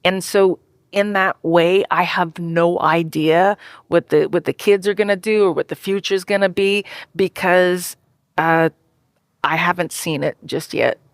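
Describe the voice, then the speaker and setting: A woman's voice: lowish voice, fairly even intonation, a little slow, smooth, no echo, clean studio sound. A woman guest on a live podcast, speaking in a reflective way about the future.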